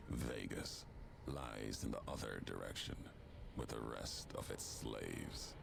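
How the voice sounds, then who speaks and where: A brooding avenger from a video game, with a voice sunk to the very bottom of the range and rough with heavy gravel. He talks slowly and gravely in cryptic pronouncements. A steady hiss of noise sits under the game audio. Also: a bass voice, exaggerated voice. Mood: grim. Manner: slow, solemn, cryptic speech. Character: grim, brooding man bent on vengeance.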